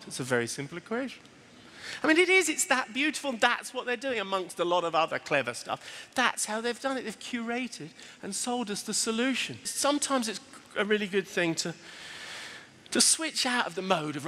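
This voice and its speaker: A man gives an animated seminar talk, his fairly high voice leaping up and down as he acts out quotes. His tone is bright and ringing, carried by the long reverb of a large hall. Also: moderate pace, a little hiss or hum. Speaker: retail speaker. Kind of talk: lively seminar talk to an audience.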